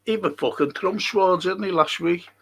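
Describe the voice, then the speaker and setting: Ranting man, high gravelly voice. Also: moderate pace, a bit bright. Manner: heated, heavy swearing, combative. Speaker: fan show host reading live chat. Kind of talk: angry live-stream rant.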